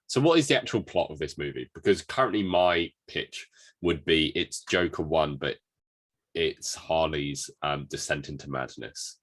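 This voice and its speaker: A man's voice: a bass voice, moderate pace, a bit bright. A man co-hosting a podcast in casual movie chat, playfully tossing out questions. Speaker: podcast co-host. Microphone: home microphone, remote call.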